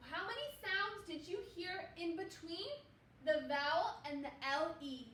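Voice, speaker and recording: A young woman teaching second graders phonics in a slow, sing-song way, sounding out words for the children. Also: extremely high pitch, a bit bright, roomy sound, distant mic.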